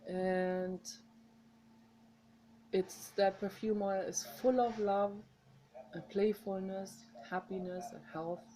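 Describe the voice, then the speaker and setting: A woman's voice: medium pitch, fairly even intonation, slow, long pauses, mellow, slight background noise, rough recording. A woman with a mother tongue, talking straight to her viewers in a rambling, heartfelt, encouraging way. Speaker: vlogger. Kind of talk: casual direct-to-camera monologue.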